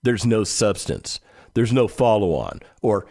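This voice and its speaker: A man's voice: mid-range voice, very animated, normal speed, a little mellow. A man hosting a radio talk show, speaking bluntly and conversationally and putting questions straight to his listeners. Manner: blunt and emphatic.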